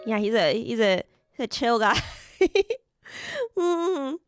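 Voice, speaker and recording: A young woman chats casually with her viewers as she builds, giggling often and scattering fillers through her sentences. Her voice is a bit hoarse from being sick, set fairly high and swinging widely in pitch. Soft music plays faintly beneath her. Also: sing-song, takes it slowly. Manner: chatty, giggly, many "like" fillers. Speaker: streamer. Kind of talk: casual chat with viewers while building models.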